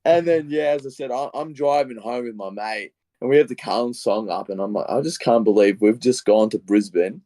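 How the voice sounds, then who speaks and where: Young Australian male podcaster; excitable, rambling, acts out quotes; dry, close recording. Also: fairly low pitch, brisk, hardly any pauses, dry recording. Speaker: podcast co-host. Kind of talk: casual footy podcast chat.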